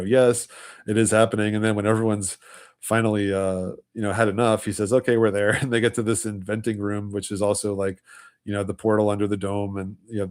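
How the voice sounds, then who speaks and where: This livestream host has a lowish voice and talks casually and ramblingly. He peppers his speech with "you know" and "like" and chuckles between points.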